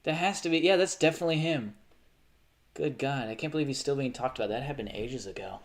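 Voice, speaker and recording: Talking fast at a mid-level pitch, a live streamer reacts in an easygoing, casual manner to pictures and chat messages as they appear. He swears freely, laughs often, and keeps breaking off sentences to restart them.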